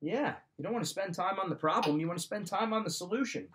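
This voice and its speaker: A man with a slightly raised pitch gives motivational life advice. He talks straight at the listener like a coach and drives the same points home again and again. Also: fast talker, a bit bright. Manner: direct, coaching, repeats key points. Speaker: podcast host giving life advice. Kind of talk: motivational talk.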